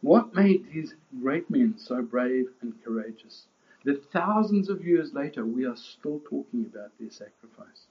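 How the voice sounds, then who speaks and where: A man's voice: mid-range voice, expressive, a little slow, highs cut off. A man preaching a sermon as pastor, impassioned, with rising emphasis and frequent restarts.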